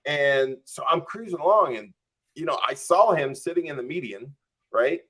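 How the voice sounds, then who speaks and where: Guy telling a wild story on a podcast, kinda high voice, does all his own inner voices, lots of "like". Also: normal speed. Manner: animated, acts out his own quoted thoughts; frequent "like" and "I'm just like" fillers. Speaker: podcast guest. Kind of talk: casual anecdote telling.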